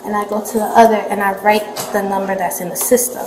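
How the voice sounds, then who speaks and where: A woman's voice: mid-range voice, little pitch movement, quick pace, noisy background. A woman working a front desk, telling police what happened in a rambling way and quoting people as she goes. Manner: rambling, quotes people in her retelling. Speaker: front desk worker, witness. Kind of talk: recounting events to police. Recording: echoey room, loud music bed.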